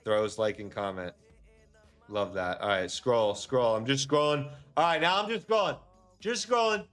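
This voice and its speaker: A man's voice: medium pitch, moderate pace, a bit bright, soft background music. A man hosting a casual trading livestream, talking upbeat and chatty to his viewers.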